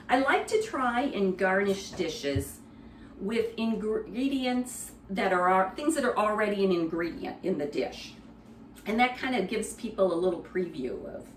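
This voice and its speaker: A woman giving a cooking demonstration in a kitchen, explaining in a relaxed, conversational way with some fillers. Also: mid-range voice, reverberant, distant mic, a little hiss or hum.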